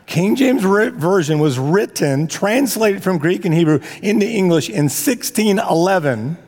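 A pastor with a high, slightly mellow voice preaches in an animated yet unhurried way, talking casually with joking asides and restarting often. The recording has a long hall reverb.

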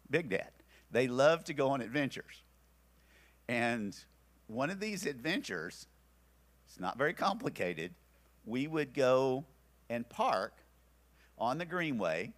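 A man's voice: mid-range voice, a bit bright. An older man teaching parents, telling a story about his grandsons and acting out his own soothing words. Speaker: church teacher. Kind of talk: teaching talk with personal story.

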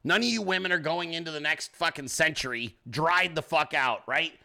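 A man's voice: fairly high pitch, moderate pace, creaky, sharp tone. A man hosting a podcast, ranting and mocking in a casual, profane way. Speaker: podcast host.

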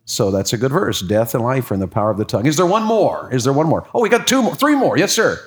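This is a man preaching. He keeps it folksy and encouraging, voice of middling pitch, and keeps pulling answers from the people in the room. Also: big pitch swings, quick pace. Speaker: pastor leading a class. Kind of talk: interactive sermon.

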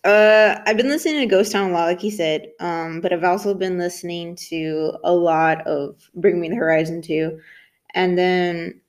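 A young woman with a somewhat low voice co-hosts a relaxed podcast chat. She talks loosely with many fillers and teases her co-host. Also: moderate pace. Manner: laughing, filler-heavy, teasing. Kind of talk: casual chat.

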